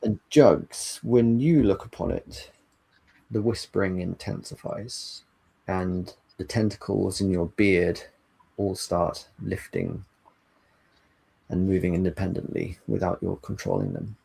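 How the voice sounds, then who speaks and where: A man narrating as game master, setting scenes in an unhurried, descriptive way. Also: deep voice, expressive, vocal fry, warm tone, husky, low-quality recording.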